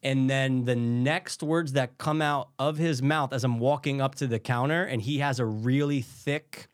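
A man chatting casually on a podcast. He tells his story with animation, swears easily and slips into voices for the people he quotes. His pitch sits in the middle of the male range. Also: fairly even intonation, a little slow. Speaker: podcast host telling a rideshare story.

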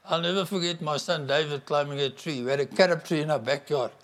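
A middle-aged man preaching a sermon to a congregation, emphatic and animated. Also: a little high, fast talker. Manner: animated, emphatic, bursts into acted-out quotes.

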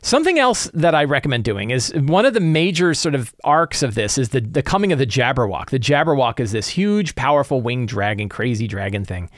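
A man casually sharing advice as a tabletop game master, animated and acting out his players' reactions. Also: mid-range voice, brisk, hardly any pauses, no room sound, studio quality. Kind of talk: casual tips talk.

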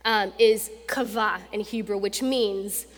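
A young adult woman preaching a sermon in a conversational, animated way, acting out quotes with rising intensity. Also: medium pitch, slow pace. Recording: long reverb of a large hall.

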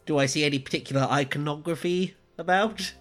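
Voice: medium pitch, brisk, soft background music. Hesitant player at a tabletop game. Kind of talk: playing a tabletop role-playing game.

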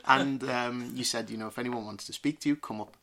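A man's voice: medium pitch, fairly even intonation, brisk, a loud crowd. A man hosting a podcast interview, asking questions in an enthusiastic, encouraging way. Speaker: podcast host.

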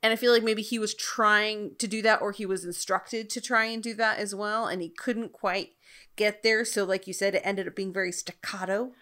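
A woman co-hosting a casual chat show, talking in an animated, chatty way and laughing often. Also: medium pitch, moderate pace. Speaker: podcast co-host.

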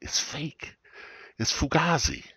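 A man voicing a gruff, laid-back male messenger of God who talks in stoner slang. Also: on the high side, huge pitch swings, slow, pushed and bright, no echo, whispered, voice pushed up, exaggerated voice.

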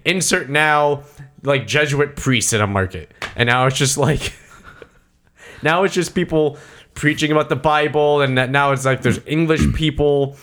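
A young man on a podcast rambles through a movie recap, swearing freely and piling up side notes. His voice sits a little high for a man. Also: unhurried. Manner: rambling, animated, profane, full of side notes. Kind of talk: casual chat.

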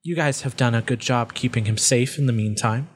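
A man's voice: medium pitch, fairly quick, a little hiss or hum, lightly acted. A man voicing a gloating faceless void voice. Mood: taunting. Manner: taunting, relishing others' pain. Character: sinister disembodied female voice, mocking and gloating. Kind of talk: tabletop role-play voice acting.

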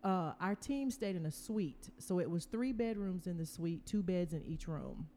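A woman from Tennessee who hosts a podcast, chatting casually and telling stories in an animated way. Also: on the low side, normal speed. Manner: animated storyteller, laughs easily. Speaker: podcast host. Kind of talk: casual interview chat. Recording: long reverb, faint background noise.

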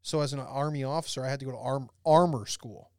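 A man's voice: mid-range voice, fast talker, dry recording, clean studio sound. A man in his forties, a former Army officer, telling stories on a casual podcast with lots of swearing and laughter. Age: 40s. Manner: animated storyteller, profane, laughs often.

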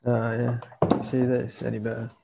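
A man's voice: medium pitch, monotone, a little fast, creaky, heavy background noise. A man as a podcast guest, chatting casually over a video call and calling his friend "mate". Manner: laid-back, says "mate" a lot.

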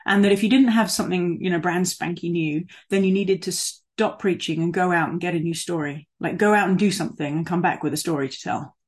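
Woman preacher, chatty sermon, low husky voice, stretches out key words. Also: a little fast, few pauses. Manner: conversational, with fillers and asides.

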